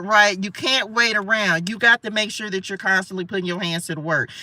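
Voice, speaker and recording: A woman reads tarot live in a very bright, sharp voice. She chats playfully with her viewers and laughs easily. She sits a little distant from the mic. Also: mid-range voice. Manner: chatty and playful, talks to viewers as y'all; laughs often, asides to spirits. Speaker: spiritual tarot reader. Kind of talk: live tarot card reading. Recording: voice a bit far from the mic.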